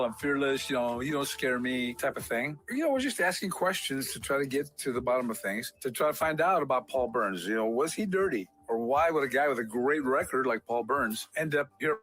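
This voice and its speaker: A man's voice: mid-range voice, poor audio. Older man telling a story. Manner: animated retelling, acts out quotes, frequent fillers. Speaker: civilian member of a police disciplinary board. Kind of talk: storytelling interview.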